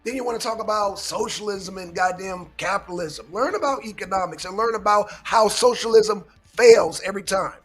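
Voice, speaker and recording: A man with a husky, fairly high voice holds forth on politics in a casual commentary show. He lectures his audience emphatically and swears often, with faint music running behind him. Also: fairly quick, few pauses, a bit bright.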